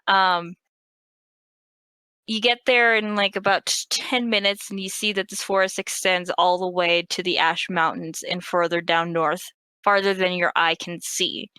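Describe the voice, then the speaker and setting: Bright-voiced woman running a tabletop game. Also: on the low side, fairly even intonation, a little slow, clear, resonant tone, no room sound, rough recording. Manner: laughing, casual, voices townsfolk. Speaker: game master.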